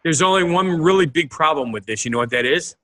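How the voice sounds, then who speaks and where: Bright-voiced man making dry quips. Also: a little high, animated, fast talker. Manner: dry quips and short interjections. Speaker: podcast co-host. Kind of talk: casual chat.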